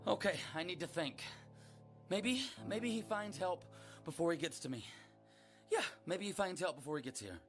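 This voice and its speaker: A frantic, swearing man in a video game, whisper-shouting in fear. His pitch leaps all over the place, and loud music plays behind him. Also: lively intonation, moderate pace. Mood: panicked. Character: panicked man hiding from a killer.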